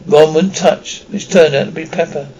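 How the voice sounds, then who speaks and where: A man's voice: on the high side, normal speed, a little mellow, muffled recording, a little hiss or hum. A man reading a children's fantasy novel aloud as audiobook narration, stumbling and restarting often. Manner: reads with frequent slips and restarts. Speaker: audiobook reader.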